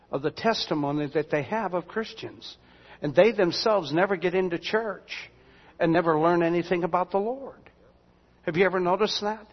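A man preaching as a pastor, telling everyday stories in a folksy, conversational way with asides to the congregation. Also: high-pitched. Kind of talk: storytelling sermon. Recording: dull lo-fi sound with long hall reverb.

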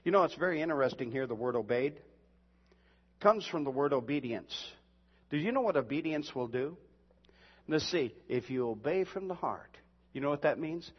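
A pastor preaching a sermon and reading scripture, emphatic and building to shouts, with slow, drawn-out reading of the verses. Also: male voice, a little high, expressive, husky. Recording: dull lo-fi sound in a reverberant hall.

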